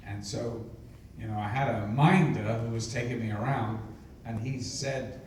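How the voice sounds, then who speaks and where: An older man, an interview guest, telling lively anecdotes and acting out other people's lines. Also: fairly low pitch, moderate pace, slight background noise. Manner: lively raconteur who acts out others' lines. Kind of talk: anecdotal storytelling. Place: convention hall. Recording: echoey hall, mic far off, faint ambience.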